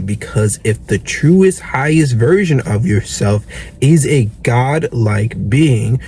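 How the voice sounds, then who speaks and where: Young male coach, slow earnest sermon-like pep talk, casual swearing, faint noise behind. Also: mid-range voice, mellow. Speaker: self-improvement coach. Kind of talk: motivational monologue.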